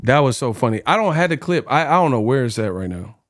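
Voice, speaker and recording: A man's voice: mid-range voice, big pitch swings, quick pace. A young man giving casual boxing commentary, slangy and laughing often, calling listeners bro and y'all. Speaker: boxing vlogger.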